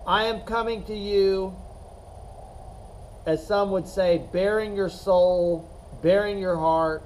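A middle-aged man coaching chess in an unscripted talk to the camera, rambling and repeating his points with emphasis. His voice sits high for a man and he takes his time. A faint hum stays underneath the whole recording. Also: steady tone, slow pace, a little mellow, rough recording.

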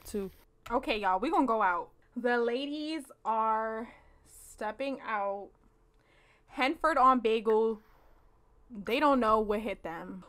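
A young woman casually commenting on her life-sim game for viewers, animated, laughing and slangy. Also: fairly high pitch. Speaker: let's play host.

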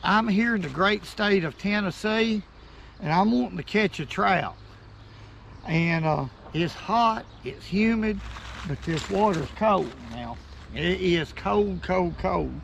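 A man's voice: high-pitched, animated, gravelly, a bit bright, a little hiss or hum. A man hosting a casual fishing vlog outdoors by a creek, talking in a folksy way to his viewers. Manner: folksy, slow drawl, talks to viewers as folks. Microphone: chest-mounted camera.

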